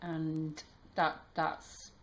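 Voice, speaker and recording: A woman tarot reader talking warmly to her viewers, halting and emotional, with many restarts. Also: low-pitched, monotone. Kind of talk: casual heartfelt channel talk.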